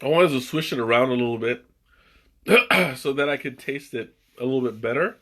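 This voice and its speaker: A man's voice: medium pitch, normal speed, a bit bright. A man hosting a casual live stream over tea, rambling and chuckling, often trailing off mid-sentence. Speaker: livestream host tasting tea. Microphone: webcam.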